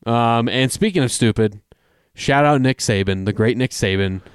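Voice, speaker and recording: A man co-hosting a sports podcast in casual chat, making measured, reasoned points with some light teasing. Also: medium pitch, smooth, no echo, studio quality.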